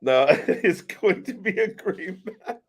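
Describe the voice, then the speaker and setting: Male stream co-host, lively up-and-down delivery, jokey and profane. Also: sits high, takes it slowly. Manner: joking, laughs often, swears freely. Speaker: co-host of a wrestling watch-along stream. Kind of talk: casual live-stream commentary.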